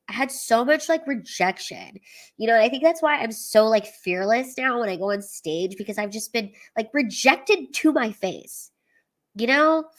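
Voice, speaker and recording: Woman in her thirties, comedian host, candid and teary, swears freely, livestream chat. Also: mid-range voice. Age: 30s.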